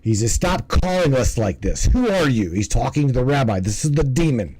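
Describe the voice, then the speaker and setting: Man, stream host, lively pitch, mellow tone, rambling, swears, stumbles over words. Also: normal speed, slight background noise, low-quality recording. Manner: rambling, profane, stumbles and restarts. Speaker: livestream host. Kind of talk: casual commentary.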